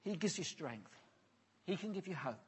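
A man preaching an earnest, pastoral sermon, often letting his phrases fall soft and low at the end. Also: sing-song, normal speed, slight background noise. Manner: earnest, pastoral, drops softly at phrase ends.

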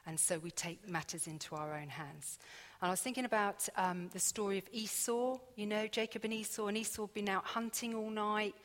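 A woman's voice: mid-range voice, fairly even intonation, brisk. A woman preaching a conversational sermon, chatty and confiding, acting out her own inner dialogue as she tells stories. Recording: echoey hall.

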